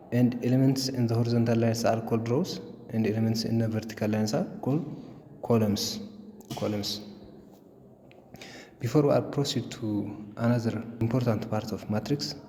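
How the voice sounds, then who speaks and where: A man teaching a math lesson, explaining slowly with frequent repetitions and fillers. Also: medium pitch, warm tone. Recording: long reverb, faint noise.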